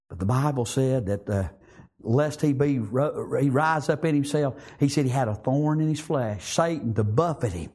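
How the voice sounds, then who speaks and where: A man's voice: mid-range voice, normal speed, slightly rough. A man preaching a sermon, repeating himself and calling out amens. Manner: animated preaching with frequent repetitions and amens.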